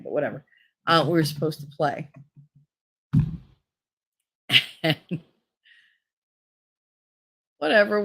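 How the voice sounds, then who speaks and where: Gravelly-voiced woman telling rambling stories. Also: fairly low pitch, fairly bright tone. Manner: rambling, profane, laughs often. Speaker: channel host. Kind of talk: casual storytelling.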